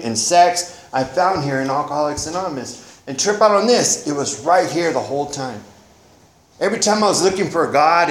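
Casual man, somewhat high voice, sharing his recovery story in an echoey meeting room. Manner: casual and slangy, peppered with "man" and "you know". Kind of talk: personal recovery testimony.

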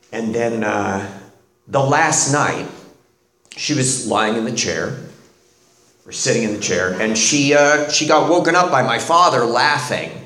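A middle-aged man, a guest on the show, telling a personal story in a halting way, with many restarts and quiet pauses. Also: mid-range voice. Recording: roomy echo.

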